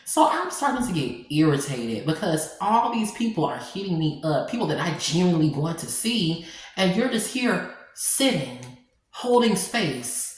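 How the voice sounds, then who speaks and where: A woman telling a personal story in a casual vlog, animated and sassy, talking straight to her viewers. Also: lowish voice, moderate pace. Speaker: storytime vlogger. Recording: very echoey room.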